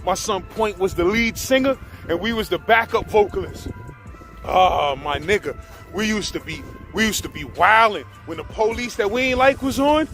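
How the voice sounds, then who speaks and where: New York man, high-pitched, animated profane storyteller with music underneath. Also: normal speed. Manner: animated, profane, slang-heavy, mimics others. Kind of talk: casual storytelling.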